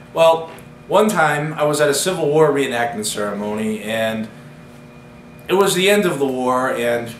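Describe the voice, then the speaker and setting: A man telling a boastful comic story as a brash character host, blustering and breaking into shouts. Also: mid-range voice, roomy sound, slight background noise, poor audio. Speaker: comedy character host of a self-defense segment.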